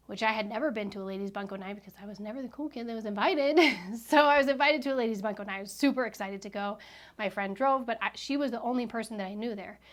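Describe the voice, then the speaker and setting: A woman in her thirties telling a personal story in a chatty vlog, animated, with frequent fillers and self-corrections. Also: medium pitch. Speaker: vlogger.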